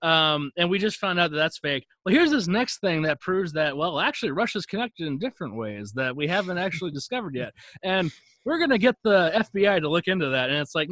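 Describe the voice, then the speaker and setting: Brief: male podcast co-host, animated and profane, bright, fairly high voice. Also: a little fast, no echo. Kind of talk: casual ranting chat.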